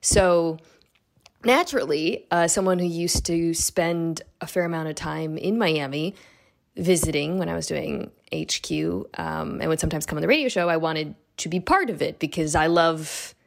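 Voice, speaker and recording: A woman reminiscing on a radio show in a self-deprecating, chatty way. Her voice sits a little low with noticeable vocal fry. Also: normal speed. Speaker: sports radio regular. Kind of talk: casual heartfelt tribute.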